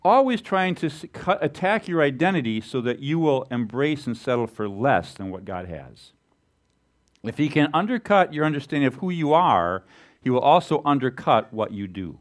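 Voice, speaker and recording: A man preaching a sermon as a pastor, animated and asking the congregation rhetorical questions. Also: mid-range voice, normal speed.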